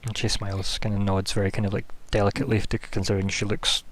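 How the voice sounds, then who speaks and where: A man's voice: fairly low pitch, little pitch movement, fast, a little hiss or hum. A man narrating a tabletop game as game master, rambling casually with plenty of fillers. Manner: rambling, loose, full of fillers like "kinda" and "like".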